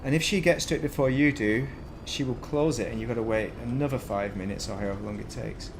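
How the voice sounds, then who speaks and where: Northern english guy rambling over his game stream, middle pitch, bit of faint hiss. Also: fast talker. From Northern England. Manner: rambling, chatty, self-mocking asides. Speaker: gaming streamer. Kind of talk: casual gameplay commentary.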